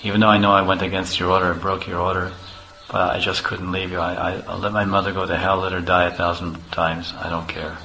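A meek, pure-hearted young disciple, put on by a male preacher in a hushed and tearful voice. He pleads low and soft, with a clear, bright edge to his tone. He sounds ashamed and afraid. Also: little pitch movement, fast, a little hiss or hum, low-quality recording. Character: simple, innocent young male village disciple, fearful.

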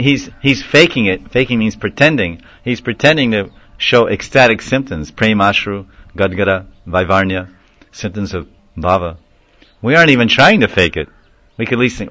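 A man's voice: mid-range voice, a bit bright, dry recording, highs cut off. A man giving a devotional class lecture, telling stories animatedly, acting out quotes and chuckling often. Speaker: spiritual lecturer.

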